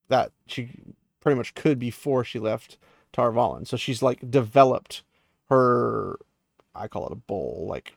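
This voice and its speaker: A man with a gravelly, creaky voice rambles through a fantasy book recap, full of "like" and "um". The sound is dry and close, with no room around it. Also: mid-range voice, dry recording. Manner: rambling, many fillers and restarts.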